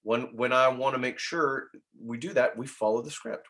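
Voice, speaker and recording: Animated man teaching a sales class. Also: medium pitch, normal speed, hardly any pauses. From Nashville. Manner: conversational, animated, keeps asking "right?". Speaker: real estate trainer. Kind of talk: training talk to agents.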